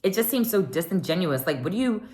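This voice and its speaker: A woman hosting a casual TV recap, chatty and animated, often acting out what people said. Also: on the low side, fast. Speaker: recap podcast host.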